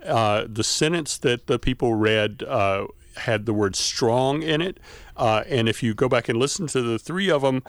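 A man's voice: medium pitch, moderate pace, no echo. A man, a university expert guest on a radio talk show, explaining patiently with many fillers. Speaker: linguistics professor guest. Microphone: studio microphone.

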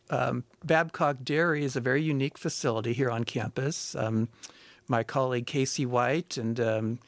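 A man's voice: medium pitch, creaky, no echo. A middle-aged man, a food science professor, answering callers on a radio show with many restarts and fillers.

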